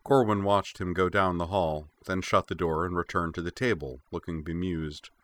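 A man narrating a fantasy audiobook in a measured, even storytelling voice. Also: sits low, no room sound. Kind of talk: scripted narration.

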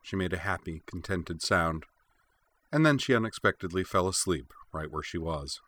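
A man narrating a fantasy novel as an audiobook reader, steady and clear. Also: low-pitched, moderate pace, no room sound. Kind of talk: scripted narration.

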